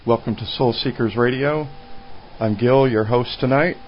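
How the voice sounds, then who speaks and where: A man's voice: medium pitch, normal speed. A man hosting a radio talk show, interviewing a guest in a friendly, affirming way. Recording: dull lo-fi radio with faint noise.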